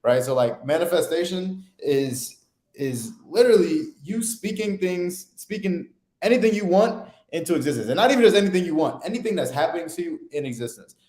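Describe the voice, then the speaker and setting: A man's voice: on the high side, expressive, a little fast, a little mellow, echoey room. A young man, co-host of a podcast, explaining an idea in loose casual talk, often tagging "right?" onto his sentences. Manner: loose, filler-heavy, keeps asking "right?".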